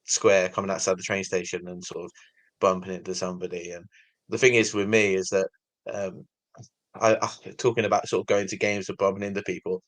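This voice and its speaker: Host, quick pace, lowish voice, rambles friendly questions. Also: male voice, level tone, a bit bright. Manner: rambling, friendly, many fillers. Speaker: podcast host. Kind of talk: casual podcast interview.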